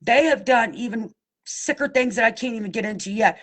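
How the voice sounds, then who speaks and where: Husky-voiced woman making an impassioned plea. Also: on the high side, a little fast, fairly bright tone. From Pennsylvania. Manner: impassioned, blunt, cusses, addresses listeners directly. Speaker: abuse survivor seeking justice. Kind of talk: direct-to-camera plea.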